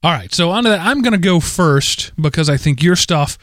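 A man in his forties, co-hosting a podcast, telling a rambling, animated story full of fillers. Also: fairly high pitch, a little fast, dry recording, clean studio sound. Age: 40s. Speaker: podcast co-host. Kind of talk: casual chat.

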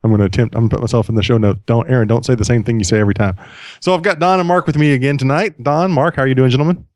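A man's voice: mid-range voice, steady tone, rapid-fire, darkish tone, no room sound, studio quality. A man hosting a casual podcast, chatty and self-mocking, restarting sentences often. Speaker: podcast host.

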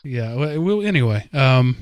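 A man's voice: mid-range voice, animated, measured pace, clear, resonant tone, no room sound. A man with a Southern US accent hosting a casual podcast, rambling and self-deprecating, talking in a stream of consciousness. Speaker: podcast host.

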